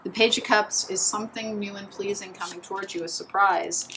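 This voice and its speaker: Woman tarot reader, mid pitch, rambling and chatty, faint room noise behind. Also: steady tone, brisk, sharp tone, poor audio. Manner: chatty, meandering, full of "like" and restarts. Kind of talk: pick-a-card tarot reading.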